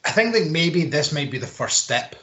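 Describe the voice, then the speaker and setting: A man's voice: fairly high pitch, big pitch swings, moderate pace, sharp tone. A man, co-hosting a podcast and recapping wrestling in a rambling, sweary, casual chat. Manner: rambling, sweary play-by-play with filler words. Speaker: podcast co-host.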